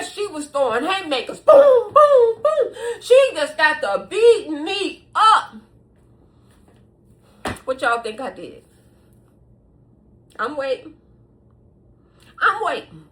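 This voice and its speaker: A middle-aged woman giving viewers blunt advice in a casual monologue, preachy and animated, often laughing mid-sentence and calling out to them as y'all. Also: high voice. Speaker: vlogger.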